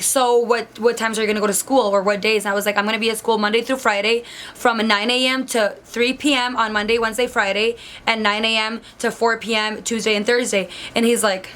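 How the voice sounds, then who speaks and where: A woman's voice: fairly high pitch, steady tone, brisk, fairly bright tone, slight background noise. A young woman vlogger telling a story in a chatty way, full of likes, acting out what others said. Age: young adult. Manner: chatty, many likes, acts out quotes. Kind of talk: storytime vlog.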